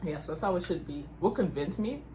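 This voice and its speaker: Giggly Bahamian woman, lively voice. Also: on the low side, a little fast, crowd noise. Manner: giggly, chatty, laughs often. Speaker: YouTube couple co-host. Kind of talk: casual couples Q&A chat.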